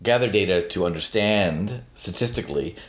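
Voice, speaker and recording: A man's voice: sits low, moderate pace. A man on a talk podcast, giving sardonic, opinionated commentary with many fillers and digressions. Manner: sardonic, mocks a phrase in a sing-song voice; hesitant fillers, long digressions.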